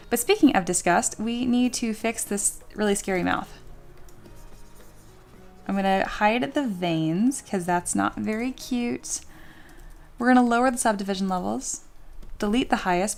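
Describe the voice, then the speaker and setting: A gravelly, medium-pitched woman chats and cracks jokes as she streams a 3D sculpting tutorial. She explains her work step by step and reads the chat aloud to reply to her viewers.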